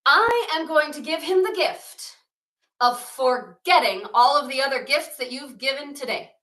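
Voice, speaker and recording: An eager, self-assured male god insists on being heard, as a woman puts him on, in a high, bright voice. He sounds roomy and set back from the mic. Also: animated, measured pace, recorded from a distance, heavily acted. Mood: excited.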